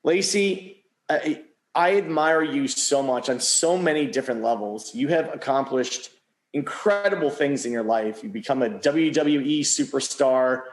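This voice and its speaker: A man's voice: medium pitch, a little slow, reverberant, poor audio. A man hosting an interview, asking earnest questions with admiration. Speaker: interview host. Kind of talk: casual interview.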